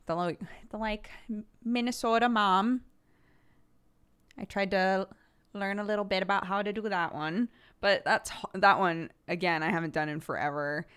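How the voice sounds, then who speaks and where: A woman streamer chats casually with her viewers in a low-sitting, somewhat bright, smooth voice. She's talkative, laughs often, and uses lots of fillers.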